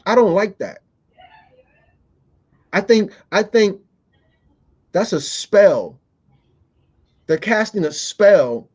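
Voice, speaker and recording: A man's voice: high-pitched, a little mellow, dull audio. A man hosting a podcast, delivering a playful, profane comedic monologue full of fillers. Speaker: podcast host.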